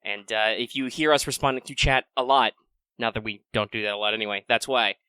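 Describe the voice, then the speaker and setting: A man hosting a casual live-streamed game podcast, chatty and quick through sponsor reads. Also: mid-range voice, sharp tone, clear, resonant tone, dry recording. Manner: chatty, fast patron list reading. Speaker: podcast host.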